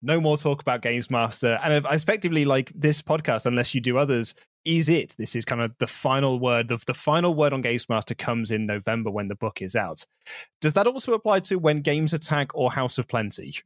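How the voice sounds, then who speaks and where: Male podcast host, informal and chatty, animated pitch, dry sound. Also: a little fast, no room sound. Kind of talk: casual podcast interview.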